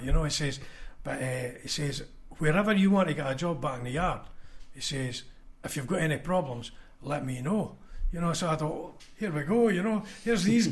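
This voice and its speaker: His voice is a little high and creaky as the former Scottish union convener trades blunt anecdotes on a casual podcast. He acts out others' words along the way.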